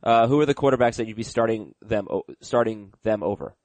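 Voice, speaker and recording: A man's voice: on the low side, fairly quick, a little mellow, dry recording. Dry-sounding male podcast host. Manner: thinks aloud with fillers and restarts, jokey. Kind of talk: casual sports chat.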